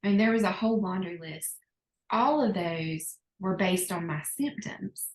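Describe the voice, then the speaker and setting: Southern lady on a podcast, kinda low voice, earnest, echoey room. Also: measured pace, a little mellow. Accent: American Southern. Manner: earnest, talks through her own illness story with fillers. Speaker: podcast guest. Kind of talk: casual interview chat.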